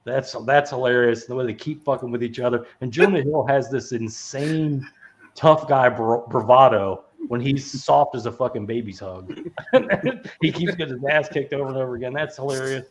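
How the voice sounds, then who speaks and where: A man with a mid-range voice, speaking at normal speed, hosts a podcast with dull, lo-fi sound. He chats casually about movies, rambling, laughing, and swearing freely.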